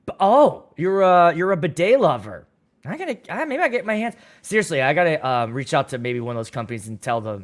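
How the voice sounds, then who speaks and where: Slightly high and very animated, a man talks fairly quickly while hosting a casual livestream as a DJ. He reads out viewer comments and cracks loose, rambling, crude jokes into a studio mic.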